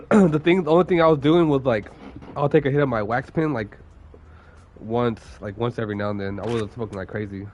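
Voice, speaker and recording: A young man getting over a cold streams casual chat, coughing now and then and rambling profanely with heavy use of "like" and other fillers. His voice is medium-pitched and darkish at a normal speed, with long pauses and a little hiss or hum.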